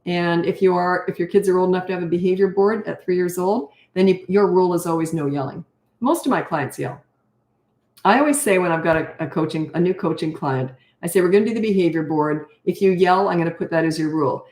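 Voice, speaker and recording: A woman's voice: on the low side, a little fast, a little mellow. An older woman who coaches parents, giving blunt, matter-of-fact advice in a casual question-and-answer talk and laughing often. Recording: roomy echo.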